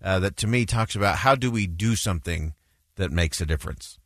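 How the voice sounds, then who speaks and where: A man with a very deep, low voice hosts a radio talk show, speaking in a measured, reflective way. His voice is recorded close and dry in a studio, with no room sound. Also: fairly bright tone, dry recording. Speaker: radio host.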